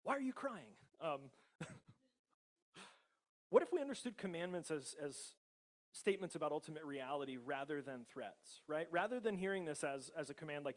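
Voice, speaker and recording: Animated and at a moderate pace, this American-accented pastor speaks in a somewhat high voice. His sermon feels like conversation: he laughs a lot and keeps asking the congregation tag questions to check in.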